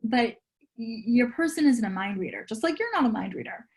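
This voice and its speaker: A woman with a fairly high voice talks through relationship advice as an interview guest. She is chatty and earnest and fills her speech with "like". She sounds to be in her thirties. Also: expressive, a little fast, a little mellow. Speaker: relationship and dating coach, guest. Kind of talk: casual podcast interview.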